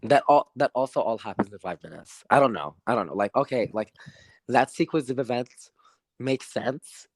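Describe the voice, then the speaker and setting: A man's voice: mid-range voice, moderate pace, no room sound, studio quality. A man co-hosting a podcast, ranting in a frustrated, rambling way and repeating that he doesn't know. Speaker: podcast co-host. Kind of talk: casual movie review chat.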